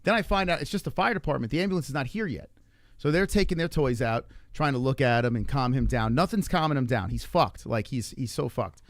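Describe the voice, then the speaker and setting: A man's voice: mid-range voice, expressive, no echo, studio quality. A man hosting a livestream, telling a story in casual talk, swearing heavily and acting out what people said, with lots of fillers and restarts. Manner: heavy swearing, fast-tumbling retelling with reenacted dialogue. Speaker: livestream host.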